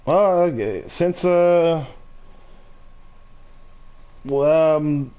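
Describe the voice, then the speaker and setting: A man's voice: a little high, extremely slow, warm tone, smooth. A man streaming a game, ranting casually in a rambling, profane way with many restarts. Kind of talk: casual ranting while gaming.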